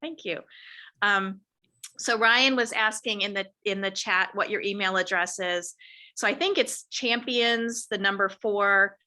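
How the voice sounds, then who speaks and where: A woman's voice: medium pitch, a little slow, sharp tone. A woman moderating a ministry roundtable on a video call, responding in an upbeat, affirming, chatty way.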